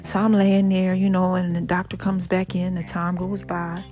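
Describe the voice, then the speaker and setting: A woman hosting a podcast, telling a personal story in an expressive, conversational way and talking straight to her listeners. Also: fairly low pitch, moderate pace, soft background music. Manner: expressive, conversational, addresses listeners directly as y'all and baby. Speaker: podcast host.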